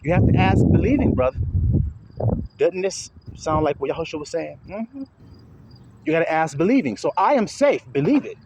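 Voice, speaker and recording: A man's voice: fairly high pitch, sing-song, normal speed, noisy background. Guy street preaching while he walks, cussing and firing questions, voice jumping all over, crickets faint behind. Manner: confrontational, profane, fires rhetorical questions; talks while walking. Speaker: self-styled religious teacher.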